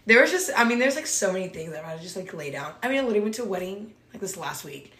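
A woman's voice: medium pitch, sing-song, very fast, a bit bright. A woman who leads a small group, chatting casually about faith, rambling, filling with "like" and laughing often. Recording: roomy echo.

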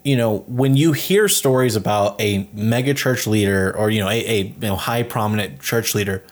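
A man's voice: lowish voice, moderate pace. Young man, casual, profane co-host. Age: young adult. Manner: profane, emphatic, filler-heavy. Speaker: podcast co-host. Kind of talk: casual chat.

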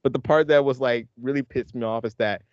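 A man's voice: medium pitch, steady tone, fairly quick, a little mellow, dry recording, dull audio. A man hosting a podcast in casual chat, rambling and laughing often as he talks. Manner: rambling, laughs often, acts out movie lines. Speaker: podcast host.

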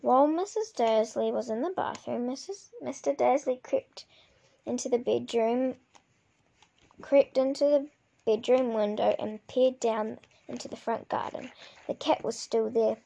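Woman reading a book aloud, mellow and gravelly, stumbles and restarts. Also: fairly high pitch, unhurried. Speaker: reader.

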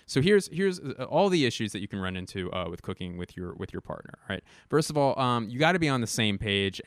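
A young man delivering a rambling, profane, self-deprecating comic monologue, stumbling over restarts and jumping into sudden loud bursts. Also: on the low side, clean tone, no room sound, clean studio sound. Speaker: comedian. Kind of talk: stand-up style comic monologue.

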